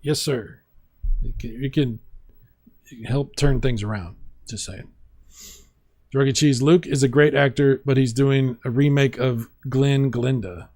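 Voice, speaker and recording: A man's voice: mid-range voice, fairly even intonation, a little slow, a little mellow. A man hosting a casual video game livestream, reading viewer comments aloud with playful asides and frequent laughs. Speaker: livestream host.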